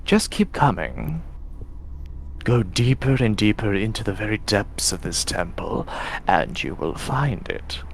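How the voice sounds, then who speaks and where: A man voicing a disembodied, sinister voice in whispered role-play, slow, hushed and coaxing. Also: fairly low pitch, very animated, creaky, a little hiss or hum, exaggerated voice. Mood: luring. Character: disembodied tempting voice, sinister and patient.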